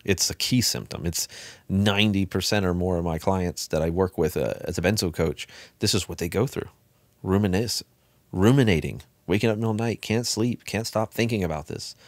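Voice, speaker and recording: A man's voice: deep voice, a little fast, dry recording. A middle-aged man coaching on withdrawal, talking in a blunt, folksy, rambling way and swearing casually while answering questions. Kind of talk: casual Q&A monologue.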